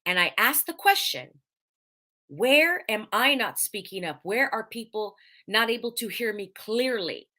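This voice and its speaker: A woman's voice: on the high side, a little slow. A woman hosting a live podcast in a casual monologue, telling a story with emphatic repetition and careful diction. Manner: animated storyteller, emphatic repetition, acts out quoted voices; stresses speaking clearly, careful diction. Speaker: host of a live podcast show.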